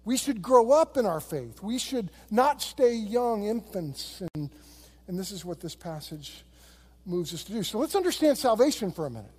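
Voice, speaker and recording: A man's voice: sits high, sing-song, normal speed, a little mellow, husky. A middle-aged man preaching a sermon as a pastor, telling stories in a conversational way. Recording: long reverb of a large hall.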